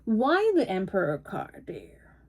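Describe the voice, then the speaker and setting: A woman's voice: mid-range voice, huge pitch swings, takes it slowly, vocal fry, darkish tone, slightly rough. A woman giving a casual tarot reading, voicing in first person the person the cards describe. She rambles with hesitations and self-corrections and often laughs at what she reads. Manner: amused, breaks into laughter. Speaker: tarot reader.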